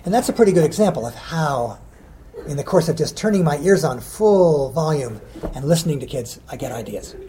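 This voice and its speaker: A man's voice: fairly high pitch, expressive, brisk, dark tone, slight background noise. Rambling middle-aged male poet. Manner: rambling, hesitant with ums. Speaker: children's poet. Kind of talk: casual interview answers.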